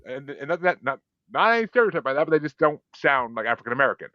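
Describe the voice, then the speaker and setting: A man hosting a podcast in casual chat, telling stories in a profane, animated way and acting out his own reactions. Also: medium pitch, very fast, no room sound. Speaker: podcast host. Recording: dull, dry lo-fi sound.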